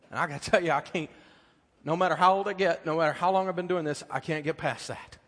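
A middle-aged American man preaching a sermon as pastor, telling personal stories in a conversational way that swings from loud emphasis to hushed tenderness. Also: a little high, fast. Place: church auditorium. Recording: long hall reverb.

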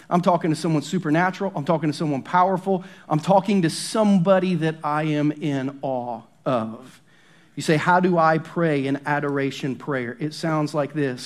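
A man preaching a sermon as pastor in a church, emphatic and often dropping to a hushed, intense tone on key points. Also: a little high.

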